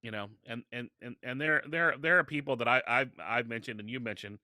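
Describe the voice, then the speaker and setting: Speaking briskly in a medium pitch, this man is a podcast guest spinning energetic stories and frequently restarting sentences during a relaxed interview. The studio-quality recording carries no room sound.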